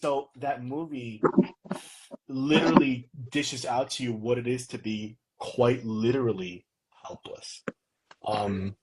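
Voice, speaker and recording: A man's voice: fairly low pitch, a little hiss or hum, low-quality recording. A young man hosting a podcast, chatting casually and telling stories in a rambling way, often breaking into laughter. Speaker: podcast host. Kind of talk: casual chat.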